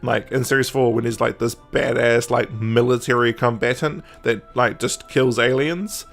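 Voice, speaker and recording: Excitable man with a gravelly voice. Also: mid-range voice, normal speed, faint music behind. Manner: excitable fan, acts out quotes in silly voices. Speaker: podcast co-host. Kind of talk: casual chat.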